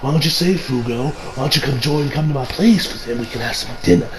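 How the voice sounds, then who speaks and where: A hoarse man voicing a creepy middle-aged male teacher with a sleazy, wheedling manner. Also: mid-range voice, fairly quick, natural voice, poor audio. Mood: creepy coaxing. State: hoarse, strained voice.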